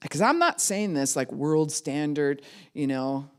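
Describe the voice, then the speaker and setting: A woman pastor teaching a class in a conversational way, acting out other people's words in quick voices. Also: deep voice, expressive, clear, resonant tone. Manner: conversational, with frequent "you know" and "right?".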